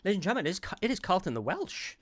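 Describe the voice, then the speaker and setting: Excitable, rambling male stream host. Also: high-pitched, racing. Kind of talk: casual live-stream chat.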